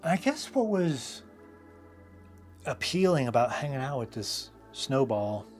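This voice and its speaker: A man's voice: mid-range voice, sing-song, slow, soft background music. A man hosting a live drawing stream, telling casual stories in a loose, rambling way full of fillers and asides. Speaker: host and illustrator.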